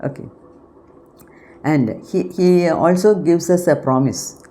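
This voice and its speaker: Woman, spiritual channel host, low mellow voice, measured and explanatory, frequent pauses. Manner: unhurried, explanatory, pausing often to search for words. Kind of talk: unscripted spiritual talk.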